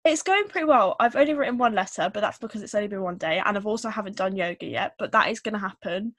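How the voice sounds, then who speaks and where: A woman's voice: mid-range voice, animated, fast, a bit bright, dry recording. A young woman, co-hosting a podcast in a giggly, playful casual chat. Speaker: podcast co-host.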